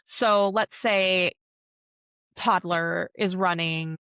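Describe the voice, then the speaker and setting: A woman's voice: on the low side, fairly even intonation, extremely slow, sharp tone, clean tone, no echo. Earnest woman coach, dry and dull. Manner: earnest, coaching, acts out little quoted voices. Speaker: somatic coach, podcast guest. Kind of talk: explanatory interview talk.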